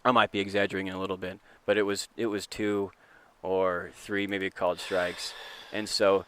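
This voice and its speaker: A middle-aged man, a podcast co-host, telling a story in casual chat and acting out the quotes with a lively, profane rant. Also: deep voice, moderate pace, a little hiss or hum. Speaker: podcast co-host, assistant youth baseball coach.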